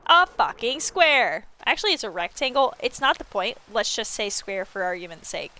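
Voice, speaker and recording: A woman streamer chatting casually while she plays a building game, telling stories with animated, excited quoted reactions and swearing freely. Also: medium pitch, a little fast. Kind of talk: casual chat while gaming.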